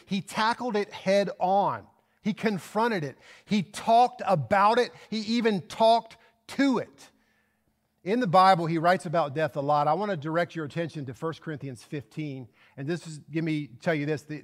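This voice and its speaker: A man preaching a sermon, emphatic and repeating phrases for effect. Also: fairly high pitch. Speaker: pastor.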